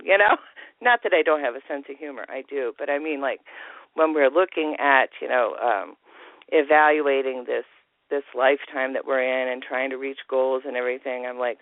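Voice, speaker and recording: Man, caller, gravelly voice, somewhat high, tinny phone line, dry sound, animated storytelling. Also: normal speed, no echo. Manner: storytelling, acts out quoted voices, frequent laughter. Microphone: telephone.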